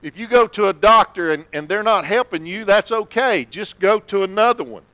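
A man preaching a sermon in church, folksy and conversational, sometimes dropping to a low hush for emphasis. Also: animated, normal speed, no room sound, rough recording. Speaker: pastor.

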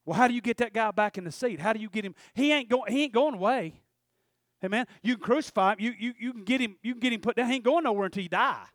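A man's voice: very high voice, quick pace, no echo, studio quality. A man preaching a sermon, folksy and fiery, often calling out "Amen?" to the congregation.

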